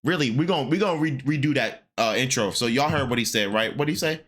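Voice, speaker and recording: Lively young man mocking a clip. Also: quick pace, slight background noise. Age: 20s. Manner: loud, mocking, with jumps into high falsetto bits. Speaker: streamer reacting to a clip. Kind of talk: reaction commentary.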